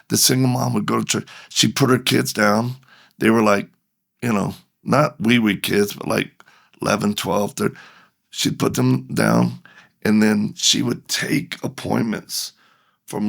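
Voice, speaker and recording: Gravelly, husky man telling a lively story. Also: lowish voice. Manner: animated storyteller, acting out both sides of dialogue and laughing. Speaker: guest speaker, ministry leader. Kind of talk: storytelling in a podcast conversation.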